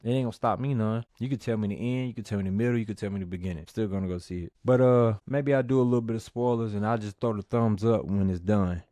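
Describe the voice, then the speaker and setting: A man giving a casual movie review, telling the story in a lively, slangy, profane way. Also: lowish voice, fast, few pauses, no room sound.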